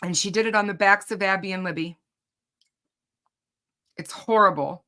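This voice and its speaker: Woman, true crime host, indignant chatty vlog, bright clear tone. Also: medium pitch, normal speed. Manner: indignant, emphatic storytelling. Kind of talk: casual chat to viewers.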